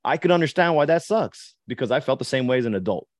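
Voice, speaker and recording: A man's voice: mid-range voice, lively intonation, fast talker, no echo, studio quality. A man co-hosting a casual podcast, talking conversationally with lots of "like" and "you know". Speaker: podcast co-host.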